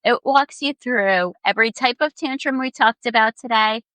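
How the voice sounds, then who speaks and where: A woman child therapist hosting a show, giving scripted parenting advice in a calm, gentle, measured way. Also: on the high side, clean tone, no room sound, poor audio. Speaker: child therapist and podcast host.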